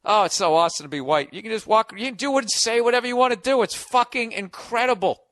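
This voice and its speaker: American male podcast host, high and bright, biting sarcastic rant full of swearing, dry close sound. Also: quick pace, dry recording. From United States. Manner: sarcastic, profane, mocking. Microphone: studio podcast mic.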